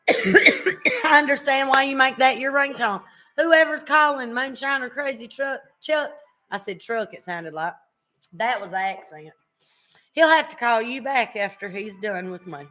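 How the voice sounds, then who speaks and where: Bright-voiced teasing woman podcast host. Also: sits high, lively intonation, a little slow, faint music behind. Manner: chatty and teasing, drawling with frequent fillers. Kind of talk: casual chat.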